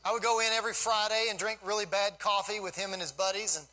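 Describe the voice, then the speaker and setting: A man in his fifties giving an animated, folksy storytelling speech to a live audience as a guest speaker. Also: high-pitched, fast talker, low-quality recording.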